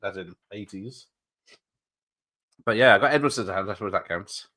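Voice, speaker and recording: A man's voice: on the low side, normal speed, bright, forceful tone. A man streaming a watch party, chatting casually, laughing often and replying to viewers. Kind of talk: casual live commentary.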